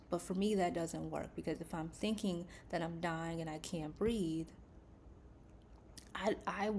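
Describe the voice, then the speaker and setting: A woman speaking calmly and gently to her viewers about faith and coping with pain, with soft breathy asides. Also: lowish voice, slight background noise. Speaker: faith and wellness vlogger. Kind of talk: calm reflective talk to camera.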